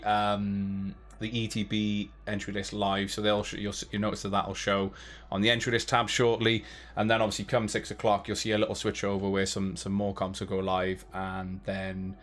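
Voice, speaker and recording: A man's voice: on the low side, a bit bright. A man hosting a casual live-stream chat, chatty and laughing often, who sometimes slips into put-on accents. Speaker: host.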